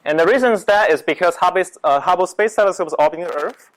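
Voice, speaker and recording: A man's voice: high voice, fast talker, low-quality recording. A man giving an astronomy lecture in a room, hesitant, with many fillers and restarts.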